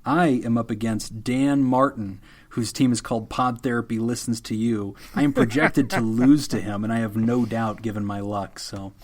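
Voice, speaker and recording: A man co-hosting a casual podcast, joking with deadpan mock apologies and laughing often. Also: medium pitch, normal speed. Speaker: podcast co-host. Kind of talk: casual chat.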